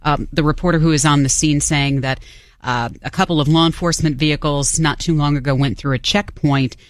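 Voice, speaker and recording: A co-host on a morning radio show, going over the news in a relaxed, halting way. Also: medium pitch, dry recording. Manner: relaxed, hesitant with fillers. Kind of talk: casual news chat. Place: radio studio.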